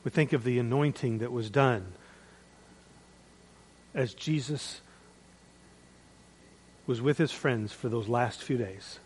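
A man preaching a sermon as pastor, swinging between loud, emphatic peaks and hushed, quiet drops. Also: medium pitch, slow pace, long pauses, slightly rough, rough recording. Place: church.

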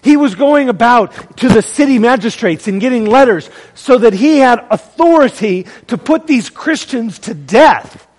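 A man preaching a sermon, calling out to the congregation and swinging between loud proclaiming and hushed, dramatic lines. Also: very high voice, lively intonation, unhurried, few pauses, long reverb tail. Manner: calls to the congregation.

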